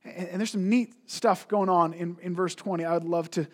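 Husky high-voiced man preaching. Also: steady tone, a little fast. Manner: emphatic preaching with rhetorical questions and frequent word repeats. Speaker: pastor. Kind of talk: sermon.

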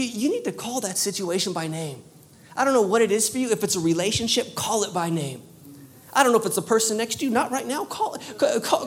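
A woman preaching a sermon, telling a story with lively animation, often repeating words and restarting. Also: a little high. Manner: animated storytelling, laughing at herself.

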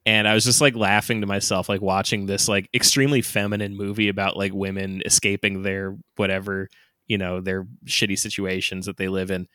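A man's voice: low-pitched, flat delivery, fairly quick, pushed and bright, clear, resonant tone, no room sound, clean studio sound. A man co-hosting a podcast in casual chat, laughing often and talking loosely with lots of fillers. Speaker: podcast co-host.

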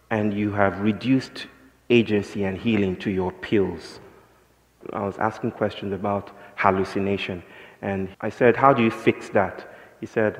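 Man giving a reflective talk in a reverberant hall. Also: fairly low pitch. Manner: measured, philosophical storytelling. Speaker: speaker.

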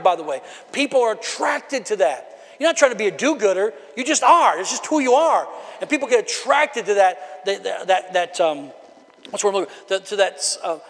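A man pastor preaching a conversational sermon from the platform, building into shouted bursts. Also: sits high. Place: church sanctuary. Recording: long hall reverb of a church.

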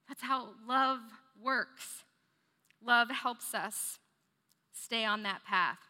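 A woman's voice: fairly high pitch, very slow, sharp tone. A woman preaching a sermon, earnest, repeating phrases and putting questions to the audience. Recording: long reverb of a large hall.

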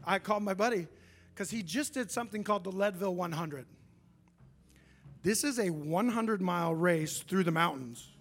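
High-voiced pastor telling a story. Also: male voice, normal speed, slightly rough. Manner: animated, self-deprecating storyteller, acts out a friend's lines. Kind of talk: sermon with storytelling.

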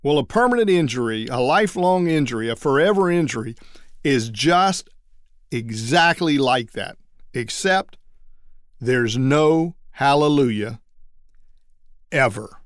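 A trial lawyer teaching other lawyers how to persuade juries, telling a story and acting out everyday quotes. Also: male voice, medium pitch, animated, measured pace, pauses often, no echo, studio quality.

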